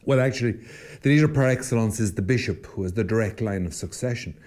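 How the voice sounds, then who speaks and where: A man's voice: fairly low pitch, quick pace, darkish tone. An Irish man, a priest co-hosting a podcast, telling stories in a reflective, conversational way with frequent restarts. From Ireland. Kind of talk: casual conversational podcast talk.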